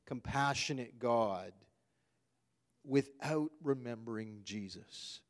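A man's voice: medium pitch, slow. A man preaching a sermon, earnest and emphatic, repeating his key phrases for weight. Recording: long hall reverb.

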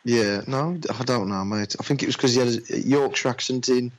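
Here's an adult man with a daughter, his medium-pitched voice heard on rough audio, casually going over films he has watched. He keeps it chatty, says "mate" a lot, and brings anecdotes to life with quick little voices.

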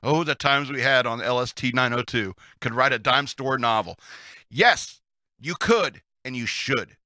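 A man's voice: mid-range voice, measured pace, bright, forceful tone, dry recording, studio quality. A man hosting a casual storytelling session of Navy tales, who chuckles often and adds chatty asides. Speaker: host reading Navy stories.

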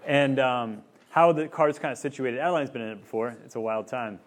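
Chatty young-dad speaker, many likes. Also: male voice, medium pitch, fairly quick. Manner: rambling, filler-heavy storytelling with many likes. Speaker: campus ministry speaker. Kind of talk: casual teaching talk. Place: room with a student group.

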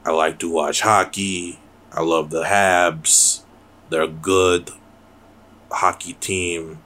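A man voicing a crude, swearing Quebecois man with a deliberately bad fake French Canadian accent. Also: sits low, little pitch movement, sharp tone, exaggerated voice. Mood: boastful. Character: crude mock Quebecois man bragging about hockey.

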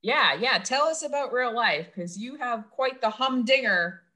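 A woman co-hosting a podcast over a video call, with a bright, sharp tone. She keeps the talk moving, prompting her friend and filling in the details in an upbeat way. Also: fairly high pitch, lively intonation, measured pace. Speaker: podcast co-host.

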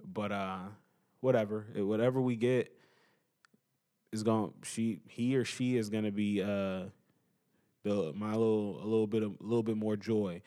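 A young man hosting a podcast, telling stories in a loose, rambling way with slang, joking and laughing, then going soft when things turn emotional. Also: lowish voice, normal speed. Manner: animated, laughs and jokes between soft emotional stretches. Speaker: podcast host. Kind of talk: casual monologue. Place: at home.

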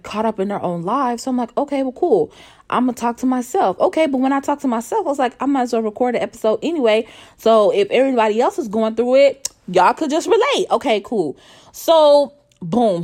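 A young woman hosts a casual solo podcast monologue from the bed of her apartment bedroom, working from home. Her voice is a little high and a little mellow, and she talks candidly, swears freely, and laughs often.

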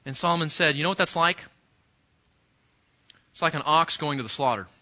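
A man teaching a sermon-style Bible lesson, animated and acting out the scenes he describes, often repeating himself. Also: fairly high pitch, brisk, highs cut off.

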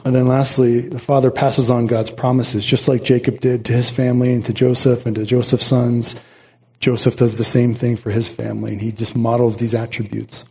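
A middle-aged man preaches with a mellow, dark tone and a slightly husky edge. He speaks earnestly and repeats his phrases for weight, often restarting mid-thought as he drives his points home. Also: medium pitch, little pitch movement, normal speed. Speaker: pastor. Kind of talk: sermon.

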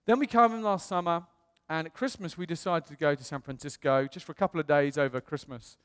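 A man preaching in a chatty storytelling manner, his voice sitting a little high. He slips into lively voices when he quotes people. The sound carries a long reverb from a large hall. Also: fairly quick, smooth. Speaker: pastor. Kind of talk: sermon.

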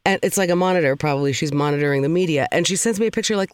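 Lively woman telling stories, dry sound. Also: low-pitched, racing, hardly any pauses, smooth, dry recording. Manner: animated storyteller, laughs often, swears casually. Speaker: podcast co-host. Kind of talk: casual chat.

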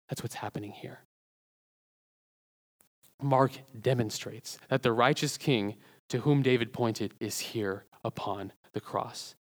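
A man preaching an expository sermon, pushing his voice up on key words for emphasis. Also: mid-range voice.

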